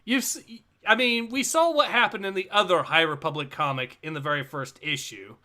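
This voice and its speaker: A man co-hosting a casual livestream, reading viewer comments aloud in a dry, flat way. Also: sits high, brisk. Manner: reads chat messages in a flat, dry tone. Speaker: co-host reading a comic on a livestream.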